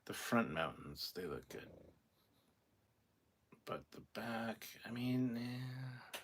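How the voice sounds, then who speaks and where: A man's voice: lively intonation, slow pace, long pauses, noisy background. A sleep-deprived man hosting a casual late-night livestream, reading out chat and rambling in a tired, mumbling way. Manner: tired, rambling, drops to low mutters.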